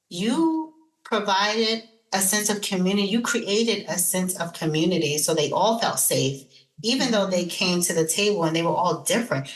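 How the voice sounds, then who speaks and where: A woman co-host asks her guest engaged, heartfelt questions in a fairly low voice. The recording sounds echoey, as if made in a reflective room, and the talk stays casual. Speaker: podcast co-host. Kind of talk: casual interview conversation.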